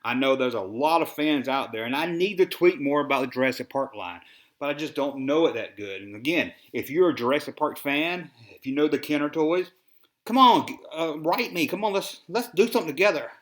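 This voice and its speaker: A man's voice: fairly high pitch, lively intonation, brisk. Rambling Southern man with sighs. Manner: rambling, sighing, ranting. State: dry mouth. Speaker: toy collector podcast host. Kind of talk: rambling solo podcast.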